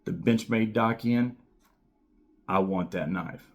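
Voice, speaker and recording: Speaking slowly in a fairly low voice, a thirtysomething knife reviewer chats to camera on his own channel. His enthusiastic, rambling talk is packed with fillers, and he repeats key words to stress them.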